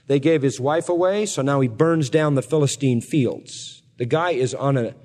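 A man's voice: medium pitch, normal speed, darkish tone. A man teaching a Bible passage in a sermon, telling the story in a conversational, wry way with asides to his listeners. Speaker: pastor. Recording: long hall reverb.

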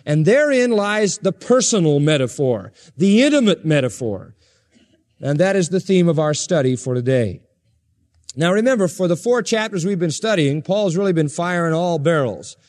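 A man's voice: a little high, animated, moderate pace, darkish tone. A man preaching an expository sermon as a pastor, emphatic and stacking his points in repeated parallel phrases.

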